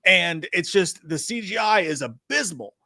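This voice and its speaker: A man's voice: high-pitched, animated, a little slow, sharp tone, no room sound, studio quality. A man co-hosting a live movie stream, ranting bluntly with heavy swearing. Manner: blunt, profane, heated ranting. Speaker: co-host. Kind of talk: casual live-stream chat.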